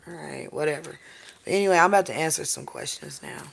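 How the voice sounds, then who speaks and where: A tarot reader talking through a live-stream reading in a loose, rambling way, swearing freely and often asking "okay?" and "all right?". The voice sits at a middling pitch, with a faint hiss of noise underneath. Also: animated, fast talker, creaky, fairly bright tone. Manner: casual, profane and rambling.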